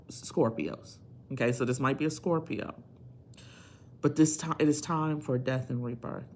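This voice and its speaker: A woman's voice: very deep voice, a little mellow, a little hiss or hum. Earnest woman giving a tarot reading. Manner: earnest, emphatic, preachy pep talk. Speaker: tarot reader. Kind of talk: casual tarot reading video.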